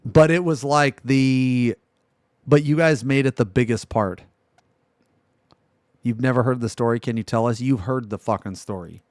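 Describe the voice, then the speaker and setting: A young man streaming live, reacting loudly with blunt, profane jokes and laughter. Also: medium pitch, moderate pace, pauses often, no room sound, studio quality.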